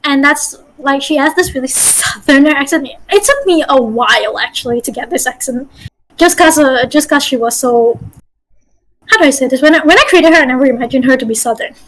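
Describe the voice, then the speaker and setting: A woman game master runs a casual workshop with a high voice. She is chatty and encouraging. She laughs often while giving players feedback. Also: a little fast, a bit bright, low-quality recording. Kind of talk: casual teaching.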